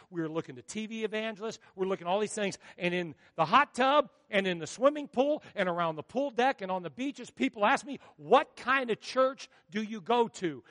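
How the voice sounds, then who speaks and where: A male pastor preaching a sermon, swinging from hushed storytelling to loud, dramatic outbursts. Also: high voice, big-room sound.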